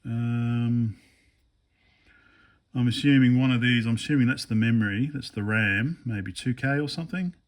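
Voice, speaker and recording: A man giving a casual hands-on teardown commentary, thinking aloud in a hesitant, low-key way with many fillers and restarts while he works. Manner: low-key, mutters asides while working with his hands. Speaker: electronics hobbyist vlogger.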